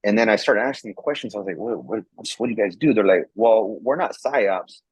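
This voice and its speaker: Husky low-voiced man telling a story. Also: expressive, fairly quick, dry recording. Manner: rambling, repeats words, acts out quoted dialogue. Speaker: guest, former National Guard soldier. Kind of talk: casual storytelling. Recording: dull lo-fi sound.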